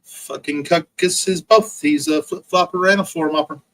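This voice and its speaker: A man's voice: on the high side, fairly even intonation, normal speed, fairly bright tone, rough recording. A man ranting profanely on his livestream, mocking rivals over and over and answering chat comments. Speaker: livestream host.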